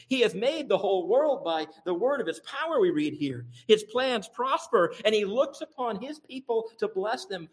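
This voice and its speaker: A man's voice: sing-song, normal speed, hardly any pauses. Emphatic preacher, man. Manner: builds to high emphatic peaks, repeats phrases for stress. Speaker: pastor. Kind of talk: sermon.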